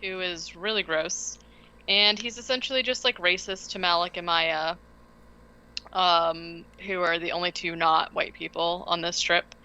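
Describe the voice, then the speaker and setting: A woman's voice: fairly low pitch, fairly even intonation, unhurried, bright, forceful tone, smooth. A woman from West Virginia co-hosting a podcast, recapping a film in a rambling, casual way full of fillers. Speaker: podcast co-host. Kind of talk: casual movie recap chat. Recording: dull lo-fi podcast audio.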